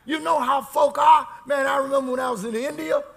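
Male preacher with a bright, tense, gravelly voice, delivering a rousing call-and-response sermon. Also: very high voice, steady tone. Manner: call-and-response preaching, shouting key lines, drawn-out words.

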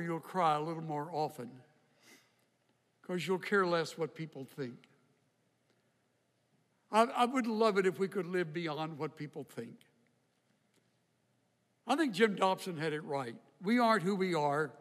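An older man preaching a sermon in a slow, reflective way, with emphatic rises. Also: fairly high pitch, lively intonation. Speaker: pastor. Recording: hall reverb.

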